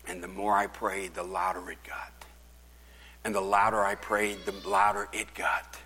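An older man preaching a sermon as pastor, telling a story and swinging from loud proclamation to hushed whispers. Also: deep voice, level tone, unhurried, husky, long reverb tail, rough recording.

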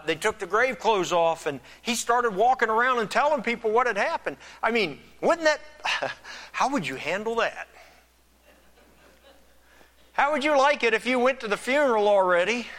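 Bright-voiced man preaching a sermon. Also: very high-pitched. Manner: builds from soft reflective to loud emphatic preaching. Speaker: pastor.

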